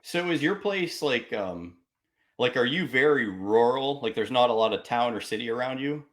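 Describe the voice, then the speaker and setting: A man's voice: mid-range voice, lively intonation, normal speed. Guy hosting a chill interview, rambly, says like a lot, laughs easy. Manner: chatty, laughs often, lots of filler "like". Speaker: podcast host. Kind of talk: casual interview chat. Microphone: video call.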